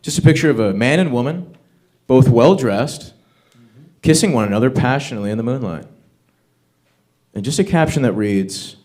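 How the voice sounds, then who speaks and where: A medium-pitched, expressive and slightly mellow voice at normal speed belongs to a stand-up comedian at an open mic venue. He delivers a crude, profane set, ranting in punchy bursts into the stage mic.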